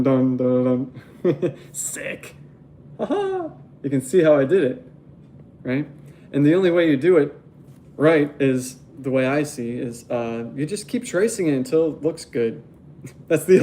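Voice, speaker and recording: A young man rambles through a casual livestream about his graphic novel art. His voice is mellow and relaxed, broken by frequent laughter, over a soft bed of background noise. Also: mid-range voice. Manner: rambling and laughing often, animated. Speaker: graphic novel artist streaming live.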